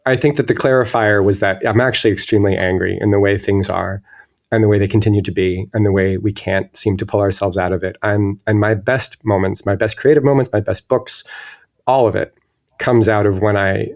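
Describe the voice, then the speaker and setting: A man's voice: lowish voice, steady tone, brisk, gravelly, a little mellow. A man speaking as a guest in an interview, thoughtful and searching, often restarting his sentences. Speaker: guest illustrator. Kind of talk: reflective interview talk.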